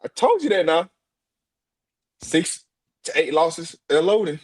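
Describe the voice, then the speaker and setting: Male sports guest, high and lively, brags and laughs through his takes. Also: slow pace. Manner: boastful, laughing, animated hype. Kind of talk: sports commentary podcast.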